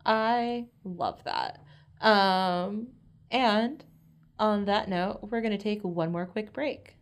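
A woman's voice: medium pitch, takes it slowly. A woman co-hosting a podcast, chatting casually, jumping in and laughing. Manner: animated, jumps in, laughs, acts out quotes. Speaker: podcast co-host. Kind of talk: casual chat.

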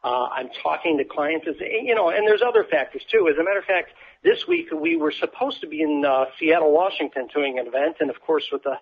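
A man who produces events, answering interview questions in a hesitant, measured way with many fillers. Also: on the high side, big pitch swings, breathy edge, phone-quality sound. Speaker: event producer, podcast guest.

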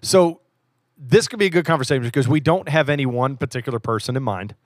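A man's voice: mid-range voice, fast talker, no room sound, clean studio sound. A man co-hosting a casual podcast in an earnest, laid-back way. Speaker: podcast co-host. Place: small studio room in a theater.

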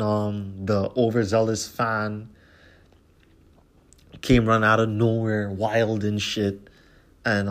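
In a fairly low, slightly bright voice, a man hosts his solo podcast with casual, profane, slangy talk. "You know what I'm saying" is a phrase he repeats often.

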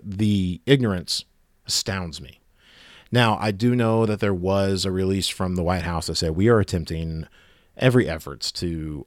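Sarcastic man ranting, lively voice. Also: low-pitched, no echo, clean studio sound. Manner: sarcastic, exasperated. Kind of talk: ranting monologue.

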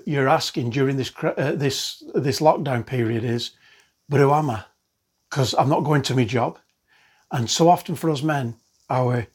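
Husky-voiced man preaching casually. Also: on the high side. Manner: conversational, earnest, with frequent fillers. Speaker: pastor. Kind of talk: online sermon.

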